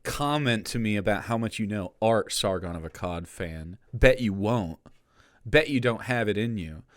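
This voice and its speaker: A man's voice: on the low side, expressive, moderate pace, dry recording. A man streaming a casual reaction commentary, profane and mocking, close to the mic.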